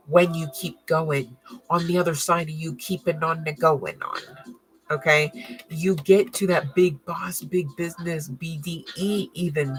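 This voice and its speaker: On a rough recording, a woman with a lowish voice reads tarot cards casually, laughing a lot and talking in a blunt, slangy, profane style.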